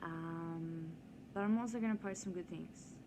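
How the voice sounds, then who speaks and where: A woman's voice: on the low side, moderate pace. A woman, talking casually in a rambling, digressive way full of ums and side stories for her vlog. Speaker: vlogger. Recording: noisy background hiss.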